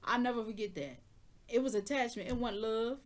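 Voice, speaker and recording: Her voice high and fairly quick, this woman chats her way through a relaxed tarot reading with plenty of sass. Addressing the viewer head-on in loose slang, she keeps asking if they get it.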